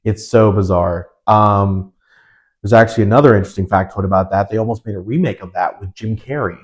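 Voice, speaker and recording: A young man co-hosting a podcast chats casually and rambles, full of fillers and restarts. His voice is fairly low and his pace brisk.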